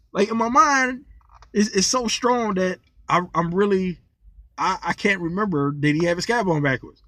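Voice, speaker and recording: A vlogger and former rideshare driver, this man has a high-sitting voice captured in a dry recording. He chats casually to camera, venting and telling meandering stories full of repeated words. He comes across lively and incredulous when the tale turns funny.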